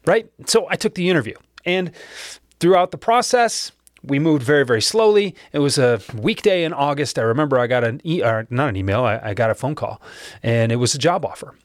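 A man's voice: medium pitch, animated, a little fast, dry recording, studio quality. A man telling a personal story to listeners in a conversational way, acting out remembered dialogue.

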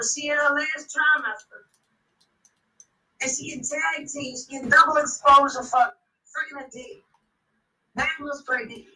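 Brief: high, bright woman, blunt and profane podcast guest, slightly off-mic. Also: distant mic, low-quality recording. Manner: blunt, animated, swears constantly. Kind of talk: profane storytelling.

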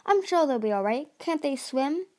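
A woman's voice: mid-range voice, moderate pace, darkish tone, lightly acted. Woman voicing a proud, imperious dragon queen. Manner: imperious, dismissive. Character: proud female dragon queen, commanding and stubborn.

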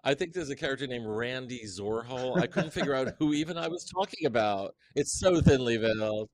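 A man chatting as an interview guest, witty and self-mocking, telling quick anecdotes. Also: mid-range voice, animated, no echo. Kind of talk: casual interview chat.

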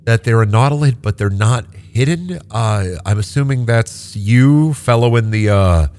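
A man narrating as game master of a tabletop game, talking in a lively way with many fillers and restarts. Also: mid-range voice, a little slow.

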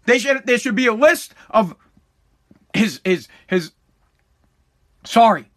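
A man's voice: very high voice, lively intonation, measured pace, a bit bright. A man delivering an angry, profane political rant, heated and repetitive, talking through a freshly pulled tooth. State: recovering from a tooth extraction.

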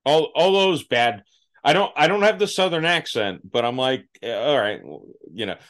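A young man chats casually on his podcast, poking fun at himself as he tells stories. His voice sits at an ordinary middle pitch, and he breaks into laughter at his own jokes. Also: sing-song, normal speed, a bit bright. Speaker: podcast host. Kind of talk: casual interview chat.

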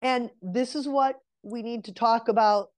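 A woman's voice: on the high side, fairly even intonation, unhurried, darkish tone. A woman in her forties, a guest on an interview, telling a personal story and giving earnest advice straight to women listeners. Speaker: interview guest, relationship mentor. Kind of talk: casual conversational storytelling.

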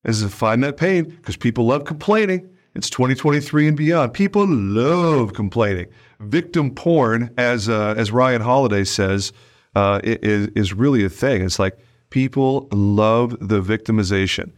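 A man hosting a podcast in casual conversation, acting out sales calls in quick mock voices. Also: mid-range voice. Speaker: podcast host.

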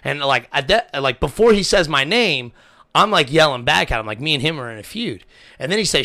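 A man co-hosts a casual podcast with a bright, forceful voice. He tells stories loosely and swears often, and he acts out each person's lines as he goes. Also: a little high, brisk, dry recording, clean studio sound. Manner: animated storyteller, swears freely, acts out both sides of a quarrel. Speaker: podcast co-host. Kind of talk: casual chat.

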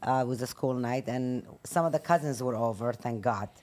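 A woman's voice: rumbling low, moderate pace, mellow. A middle-aged woman, the host's mother, animatedly retelling a family story and acting out each person she quotes. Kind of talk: casual storytelling chat.

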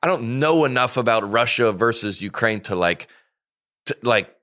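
A man's voice: medium pitch, lively intonation, normal speed, a bit bright. A man co-hosting a comedy podcast, talking in a rambling, self-interrupting way and laughing easily. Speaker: podcast co-host. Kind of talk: casual comedy podcast chat.

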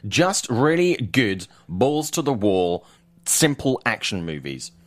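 A man's voice: mid-range voice, big pitch swings, slow. A man co-hosting a casual movie chat, enthusiastic and stumbling over his first words. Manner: enthusiastic, repeats words when starting. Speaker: podcast co-host.

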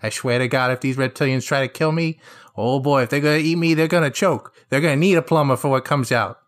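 A man playing a tabletop role-playing game in character, firing off jokey rapid questions. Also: medium pitch. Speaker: player. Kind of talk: in-character role-play banter.

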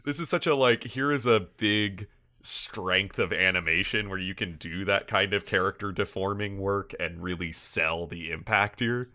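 A man's voice: sits low, normal speed, sharp tone. A man co-hosting a podcast, chatting casually about an anime episode, laughing often and swearing freely as he rambles. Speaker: podcast co-host.

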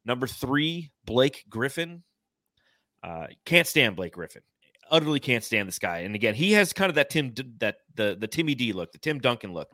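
A man hosts a casual sports podcast, his voice bright and forceful. He jokes bluntly, swears freely and reads out viewer comments from a live chat, heard close and dry. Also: medium pitch, very animated, normal speed, no room sound. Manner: joking, profane and blunt. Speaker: podcast host.

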